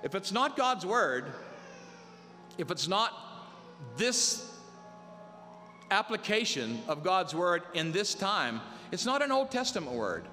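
Bright-voiced preacher in a reverberant hall. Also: male voice, high voice, sing-song, slow, pauses often, soft background music. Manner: conversational storytelling, mimics voices for humor. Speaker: pastor. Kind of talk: sermon.

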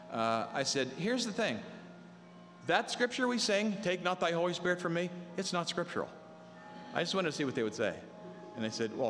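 Bright-voiced preacher in a reverberant hall. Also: male voice, fairly high pitch, slight background noise. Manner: conversational storytelling, mimics voices for humor. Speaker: pastor. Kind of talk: sermon.

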